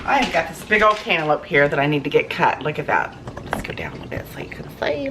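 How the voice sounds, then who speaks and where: A woman's voice: sits low, wildly swooping pitch, fast, noisy background. A woman chatting casually to camera in her home kitchen, folksy and gushing over fresh food. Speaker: home cooking vlogger. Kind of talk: casual cooking chat to camera. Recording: kitchen clatter of pots and dishes.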